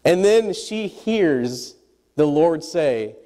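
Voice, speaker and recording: A man preaching a sermon to a congregation, animated and quizzing his listeners as he goes. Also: a little high, very slow, big-room sound. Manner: animated, asks the congregation questions. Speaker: pastor.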